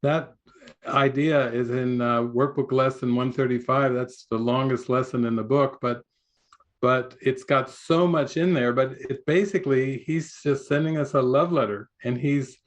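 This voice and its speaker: A man's voice: mid-range voice, fairly even intonation, a little slow. Older man giving a rambling retreat talk. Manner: rambling, warm-hearted, laughs often, many restarts. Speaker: spiritual teacher. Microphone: video call.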